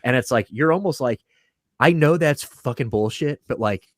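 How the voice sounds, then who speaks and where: In casual podcast banter, this male co-host tells loose, profane stories with lots of animation and frequent laughter. He speaks at normal speed in a mid-range voice.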